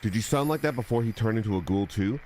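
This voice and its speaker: A man's voice: fairly low pitch, animated, fast talker, darkish tone, slight background noise. A young man streaming a video game, chatting in a rambling, jokey way. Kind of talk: casual gaming commentary.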